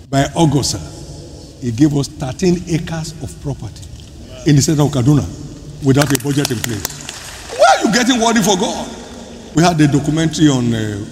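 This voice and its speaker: A man preaching a sermon as pastor, emphatic, with sudden loud bursts and soft drops. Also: medium pitch. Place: large church hall. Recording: large hall, reverberant, faint room noise.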